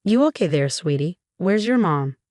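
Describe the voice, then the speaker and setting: A woman reading the lines of a kind diner waitress in a gentle, soothing way. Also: fairly low pitch, expressive, normal speed, dry recording, clean studio sound, close to an everyday voice.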